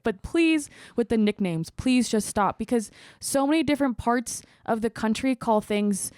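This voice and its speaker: A woman's voice: medium pitch, moderate pace, hardly any pauses, dry recording, clean studio sound. A woman and bartender chatting on a podcast, telling bar stories and acting out customers with laughs. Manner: animated storyteller, acts out customers with laughs. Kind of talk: casual chat.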